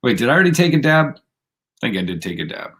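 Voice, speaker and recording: A man's voice: medium pitch, sing-song, fast talker, a bit bright. Laid-back man hosting a live chat. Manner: laid-back, laughing often, rambling. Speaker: livestream host. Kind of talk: casual live stream chat.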